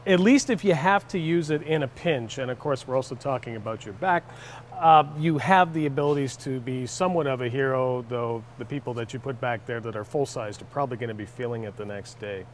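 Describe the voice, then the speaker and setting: A man's voice: mid-range voice, a little fast, slight background noise. A man with a Canadian accent co-hosting a car review, bantering and joking as he shows the vehicle. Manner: jokey, animated asides.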